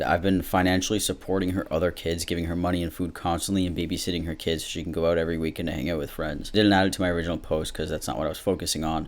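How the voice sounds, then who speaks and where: A man reading posts aloud and reacting bluntly, swearing freely in casual commentary. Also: deep voice. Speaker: YouTuber reading Reddit posts.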